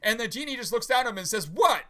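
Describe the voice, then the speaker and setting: Bright-voiced male host telling a long joke. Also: very high-pitched, racing. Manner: rambling, chatty storyteller. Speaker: podcast host. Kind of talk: casual livestream chat.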